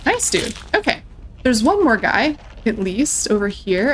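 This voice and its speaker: A woman's voice: fairly high pitch, very animated, measured pace, a little hiss or hum. A young woman casually commentating her own gameplay, chatty and playful, talking to enemies and viewers. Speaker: gameplay streamer. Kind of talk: casual let's-play commentary.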